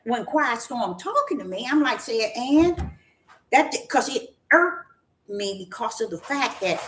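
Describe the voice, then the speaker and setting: A woman prophetess preaching to her listeners, emphatic and colloquial, with repeated, drawn-out stresses. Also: a little high. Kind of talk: preaching to an audience. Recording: echoey room with faint noise.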